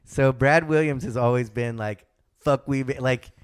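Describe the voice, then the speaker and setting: A man guest in a casual podcast chat, telling animated anecdotes and acting out the voices of people he quotes. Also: mid-range voice, a little slow, clean tone. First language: speaks German from a German mother.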